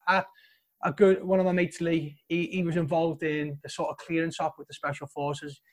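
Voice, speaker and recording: A man with a Liverpool accent speaks in a fairly high register. He talks bluntly and swears freely as he tells his story. He sounds like a guest on a video-call podcast. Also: flat delivery, moderate pace. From Liverpool, England. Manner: blunt and sweary, emphatic praise. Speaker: guest, soldier.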